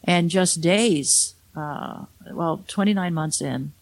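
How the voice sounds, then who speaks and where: A woman's voice: lowish voice, takes it slowly, vocal fry, no echo. A middle-aged woman, an author, telling a personal story in a candid, conversational way with wry asides. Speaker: author and speaker.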